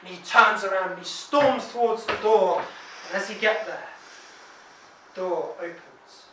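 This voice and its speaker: A woman telling a spooky story to a live audience, dropping to hushed tones and bursting out loud. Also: medium pitch, unhurried. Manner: dramatic hushed drops and loud outbursts. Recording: echoey room from far off, light noise.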